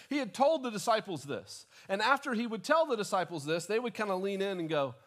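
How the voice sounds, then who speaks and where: A man's voice: sits high, very animated, fairly quick, few pauses. A male pastor delivering a sermon, talking conversationally, restarting phrases and acting out the people he quotes. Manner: conversational preaching with repeated restarts and dramatized quotes.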